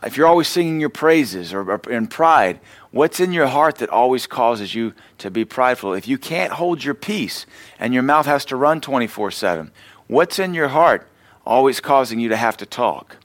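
A man's voice: mid-range voice, animated, normal speed, a bit bright, no room sound. Man preaching a conversational sermon, dry sound. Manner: conversational preaching with self-deprecating stories. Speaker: pastor. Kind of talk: sermon teaching.

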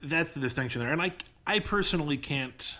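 A man co-hosting a podcast in casual conversation, animated, laughing often and restarting sentences. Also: a little high, a little fast. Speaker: podcast co-host. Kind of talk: casual chat.

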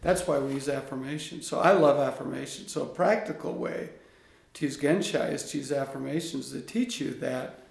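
A man guest in an interview, a coach speaking in an earnest, animated storytelling way. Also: medium pitch, moderate pace, gravelly. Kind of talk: conversational interview. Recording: echoey room.

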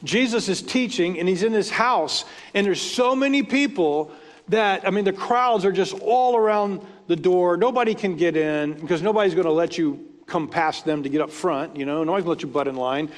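A man with a high voice preaches to his congregation in a loose, conversational way, slipping in casual asides as he retells scripture. His words ring out with a long reverb, as in a large church hall. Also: moderate pace. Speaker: pastor. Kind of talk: sermon.

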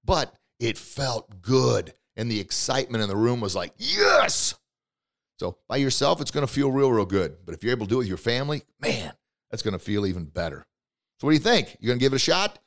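Excited male motivational podcast host. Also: mid-range voice, fast talker, vocal fry. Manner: excited, coaching the listener directly.

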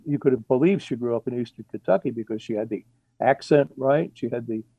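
A man's voice: medium pitch, a little fast, warm tone, husky, no room sound, rough recording. A man, an author as guest, talking in a rambling, hesitant way with many fillers and restarts, over a remote connection. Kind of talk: casual interview.

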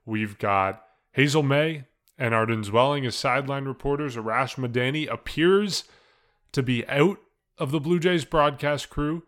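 A man's voice: mid-range voice, a bit bright. A man hosting a casual sports podcast, chatty and laughing often as he runs through the news. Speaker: podcast host.

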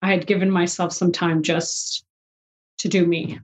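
A woman's voice: lowish voice, little pitch movement, a little slow, a little hiss or hum. A woman in her forties telling a personal story in an interview, quoting dialogue and sounding emotional. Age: 40s. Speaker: guest. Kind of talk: conversational interview.

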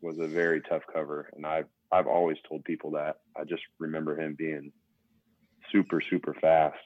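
Man, very low voice, relaxed storyteller, tinny phone-like line. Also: moderate pace, dry recording. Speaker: guest, former pro basketball player. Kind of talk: casual podcast interview.

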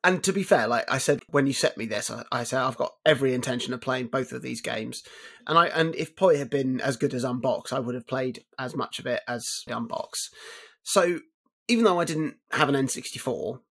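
A married man co-hosting a casual video game podcast, talking in a relaxed, rambling way. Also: mid-range voice, a little fast, vocal fry, slightly rough. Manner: relaxed, rambling, with frequent restarts. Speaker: podcast co-host. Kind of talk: casual chat about video games.

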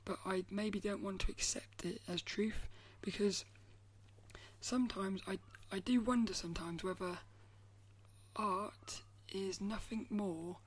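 A woman hosting a solo podcast, talking in a thoughtful, musing way and often trailing off into soft, near-whispered asides. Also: mid-range voice, husky. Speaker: podcast host. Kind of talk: reflective solo podcast talk.

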